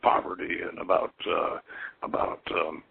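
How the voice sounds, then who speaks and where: Deep, gravelly and husky, this older man's voice stays monotone at a moderate pace with no echo as he hosts a call-in radio talk on occult philosophy. His musings wander and repeat words, broken up by frequent chuckles. The audio has a dry, tinny quality like a phone call on radio.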